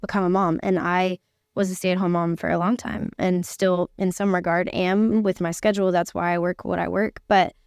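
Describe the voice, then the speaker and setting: Lively woman podcast host, dry close mic. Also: lowish voice, clear, resonant tone, dry recording. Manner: animated, enthusiastic, talks in quick bursts. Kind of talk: casual chat.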